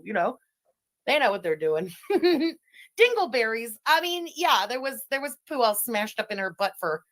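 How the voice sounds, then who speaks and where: A woman's voice: a little high, a bit bright. A woman rambling casually in a played stream clip, emotional and swearing freely.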